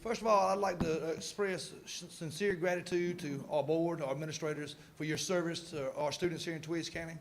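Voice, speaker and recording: A man, a student pastor, giving a public presentation in rapid-fire, auctioneer-like talk. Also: a little high, fairly even intonation, gravelly, a little hiss or hum.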